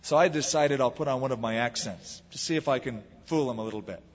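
A man's voice: medium pitch, fast. A man from the United States preaching a sermon, telling the story in a conversational, storytelling way and leaning into the quoted lines. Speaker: pastor. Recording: lo-fi recording in a reverberant hall.

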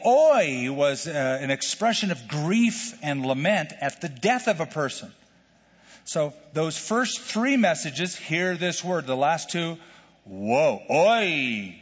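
Man, pastor, verse-by-verse sermon, animated storyteller, long hall reverb, dull lo-fi sound. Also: medium pitch, husky. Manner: animated preacher, repeats words, voices the story's shouts. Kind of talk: expository sermon with a told joke.

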